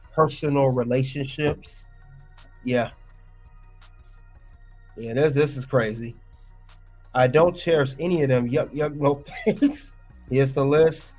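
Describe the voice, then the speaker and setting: A man's voice: mid-range voice, darkish tone. A man giving casual reaction commentary, emphatic and ranting, often repeating his points.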